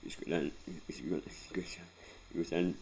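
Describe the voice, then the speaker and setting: A very deep-voiced Scottish man in his forties, gravelly and dark in tone, rambles through a sweary life story with frequent laughs. Soft background noise sits under his voice. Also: steady tone, takes it slowly, low-quality recording. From Scotland. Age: 40s. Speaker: vlogger. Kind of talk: casual storytelling.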